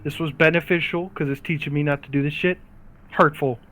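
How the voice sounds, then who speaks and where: A man's voice: fairly high pitch, steady tone, fairly quick, fairly bright tone, rough recording. A man playing a tabletop game, joking in a self-mocking, casual way. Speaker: player.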